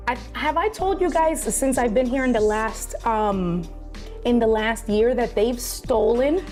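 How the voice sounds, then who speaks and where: A woman's voice: on the high side, darkish tone. A woman live streaming, chatting casually to her viewers and reading their comments. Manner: chatty, talks straight to viewers and reads chat. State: out of breath.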